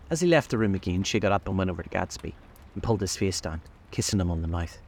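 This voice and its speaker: A man narrates a classic novel in a very deep, low voice. His reading is measured and deliberate, with scripted, steady storytelling. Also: slight background noise. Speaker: audiobook narrator.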